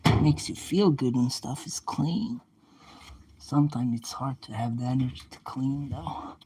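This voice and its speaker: A man's voice: medium pitch, measured pace, dark tone, husky, rough recording. A young man livestreaming casually, chatting back to viewer comments and playfully trash-talking an oven as he cleans it.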